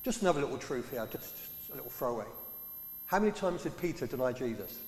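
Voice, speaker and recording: A man's voice: mid-range voice, lively intonation, quick pace. A man preaching a sermon in a conversational way, putting questions to his congregation. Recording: echoey hall.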